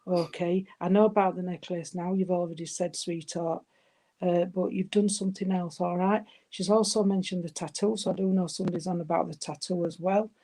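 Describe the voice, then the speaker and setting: A woman's voice: on the low side, steady tone, brisk, warm tone. A woman giving a live mediumship reading, hesitant and affectionate, calling her listeners darling. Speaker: spiritual medium.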